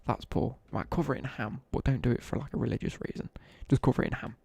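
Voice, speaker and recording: A young British man rambles through cheeky school anecdotes on a live stream, full of slang and asides. His voice is gravelly and husky with a dark, mellow tone. The sound is close and dry. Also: mid-range voice, fast, dry recording. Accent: British English. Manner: chatty, laddish anecdotes with slang, asides while gaming. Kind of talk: casual live-stream storytelling.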